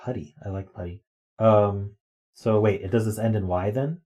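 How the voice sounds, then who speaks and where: A man's voice: lowish voice, moderate pace, dark tone. A man streaming live, chatting casually as he works through word games and thinks aloud with ums and guesses. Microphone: desk microphone.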